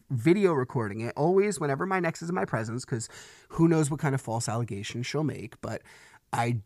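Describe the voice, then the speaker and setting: Frustrated dad talking dry and close. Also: male voice, medium pitch, no echo. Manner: conversational storytelling, frustrated. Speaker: podcast host. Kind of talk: solo podcast monologue.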